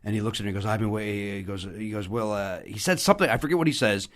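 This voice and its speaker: A man, a comedian guest on a podcast, telling a story in casual chat with frequent restarts and loud bursts when he quotes people. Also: on the low side, racing. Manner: animated, bursts loud when quoting others; restarts and trails off often.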